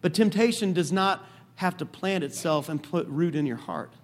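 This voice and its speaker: A man preaching a sermon as pastor, telling a story with lively asides. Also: a little high, normal speed.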